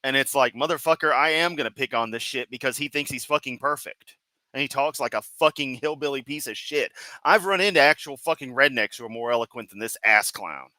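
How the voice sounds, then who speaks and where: A man's voice: mid-range voice, fairly quick, pushed and bright, dry recording, poor audio. Sarcastic, foul-mouthed male commentator. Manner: sarcastic, mocking, swears constantly. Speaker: commentary streamer. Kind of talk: profane sarcastic reaction commentary.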